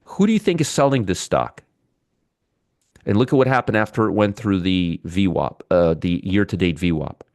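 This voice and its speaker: Low-voiced man talking stocks live. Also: lively intonation, moderate pace, darkish tone, dry recording. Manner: chatty, reads viewer comments, jokes and teases. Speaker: stock market show host. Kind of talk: live market livestream commentary.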